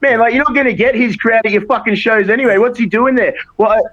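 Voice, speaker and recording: A man with a high voice, getting worked up and swearing constantly as he rants on a podcast. The audio sounds dull and lo-fi. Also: fairly even intonation, quick pace, a bit bright, a little hiss or hum. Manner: profane, worked up, ranting. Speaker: wrestler guest. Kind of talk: heated casual podcast chat.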